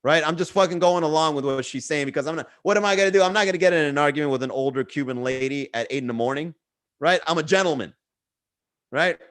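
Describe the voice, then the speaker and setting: A man's voice: a little high, fast talker, a bit bright. A young man hosting a comedy livestream podcast, talking loosely in a swearing, bro-talk storytelling way. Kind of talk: casual livestream chat. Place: Miami.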